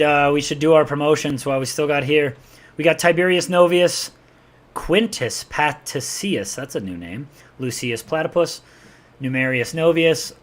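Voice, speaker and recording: A man with a New York accent streaming a strategy game live, rambling in a loose, chatty way. His voice sits a little higher than most men's, and he keeps up running commentary with his viewers. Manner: chatty, rambling, talks to chat while playing. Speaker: gaming streamer.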